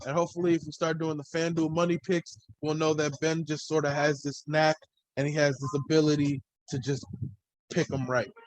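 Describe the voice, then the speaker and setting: A man's voice: on the high side, level tone, fairly quick, no echo, rough recording. A man hosting a solo sports podcast, talking in a loose, rambling way and swearing freely. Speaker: podcast host.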